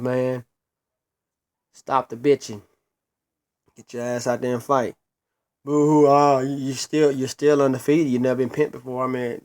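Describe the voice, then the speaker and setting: Blunt, profane man ranting a review. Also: mid-range voice. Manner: blunt, profane, repeats words when worked up. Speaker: wrestling show reviewer. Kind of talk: casual solo review rant.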